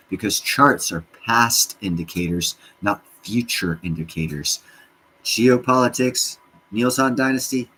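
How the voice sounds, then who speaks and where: A man with a very low voice hosts a casual livestream, answering viewers' comments. He rambles from one subject to the next and gets worked up, with plenty of swearing. A faint hiss sits under his voice. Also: rough recording. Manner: profane, excitable, jumps between topics. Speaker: livestream host answering chat.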